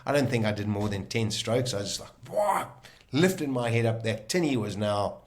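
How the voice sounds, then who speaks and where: A middle-aged man from South Africa talks with a slightly low voice. He tells his own story in an interview, vivid and animated, often restarting his sentences as he goes. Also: fairly quick. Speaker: guest telling his story. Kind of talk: conversational storytelling.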